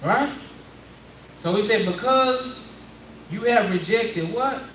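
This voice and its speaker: Man, preacher, high voice, call-and-response teaching, repeats phrases, distant, echoey room. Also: takes it slowly, fairly bright tone, slight background noise. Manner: conversational, prodding, repeats phrases. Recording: echoey room, distant mic, faint ambience.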